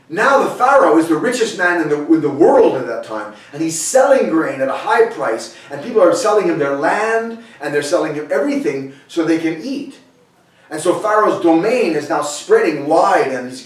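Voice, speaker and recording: A man preaching a sermon in a conversational way, retelling scripture with frequent restarts. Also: on the high side. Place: sanctuary hall. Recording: very echoey room, voice from far off.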